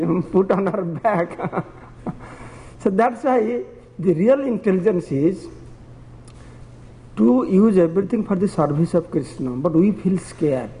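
High-voiced preacher in an echoing hall. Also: male voice, expressive, a little slow, warm tone. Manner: simple, broken phrasing, chuckling at his own stories. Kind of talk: devotional sermon with storytelling.

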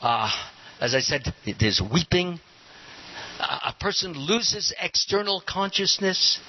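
A man's voice: high voice, takes it slowly. Man preaching a devotional talk, lots of ups and downs in his voice, keeps quizzing the crowd, muffled old tape. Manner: animated, quizzes the audience. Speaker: spiritual teacher. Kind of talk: devotional lecture. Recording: dull lo-fi recording with hiss.

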